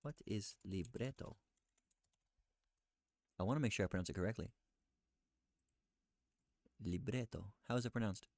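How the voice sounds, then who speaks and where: A man with a fairly low voice muses out loud while he searches for answers, asking himself questions and reading results back haltingly. The sound is dry and close, with no room to it. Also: no echo. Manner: muttering, self-questioning, reading aloud haltingly. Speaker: streamer researching live.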